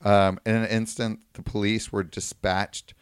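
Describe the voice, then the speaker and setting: A man with a low, smooth, resonant voice tells a long story on a casual podcast. He paraphrases what the people involved said as he goes. The sound is dry and close, with no room echo. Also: flat delivery, a little slow. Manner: recounts a news story at length, paraphrasing quotes. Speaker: podcast co-host.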